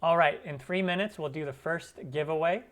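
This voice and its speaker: A man's voice: on the high side, a little fast, fairly bright tone. Chatty man answering live chat. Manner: chatty, rambling, answers viewer comments with many fillers. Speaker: cooking channel host. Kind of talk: live stream Q&A. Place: lives in Arizona.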